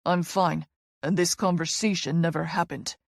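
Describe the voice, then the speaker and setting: A woman's voice: on the low side, steady tone, normal speed, gravelly, dry recording, clean studio sound. A woman voicing a brooding, guarded male professional hockey player in an audiobook, with curt, clipped refusals. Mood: curt defiant. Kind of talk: audiobook character voice.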